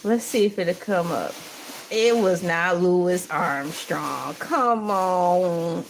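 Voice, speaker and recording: Her voice is low and creaky as she hosts a morning livestream against slight background noise. Unhurried and playful, she jokes through the casual chat and breaks into song and laughter.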